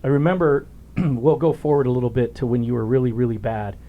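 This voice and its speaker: A middle-aged man hosting a podcast interview, telling stories in a blunt, profane, animated way. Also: mid-range voice, brisk, narrow, tinny audio. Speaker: podcast host, former police officer. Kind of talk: casual storytelling interview.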